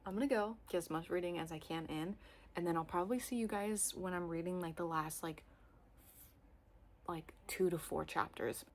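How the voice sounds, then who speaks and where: A young woman chatting casually to camera about her reading, rambling with lots of fillers and excited bursts. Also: on the low side, normal speed. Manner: expressive, swings into loud excited bursts. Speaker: book vlogger.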